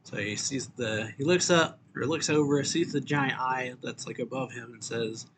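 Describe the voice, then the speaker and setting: A man recapping a manga chapter in an easygoing, rambling way, full of "like" and restarts. His voice sits at a middle pitch. A faint ambient hum runs behind. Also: fairly even intonation, normal speed. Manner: rambling, filler-heavy retelling. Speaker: manga reviewer.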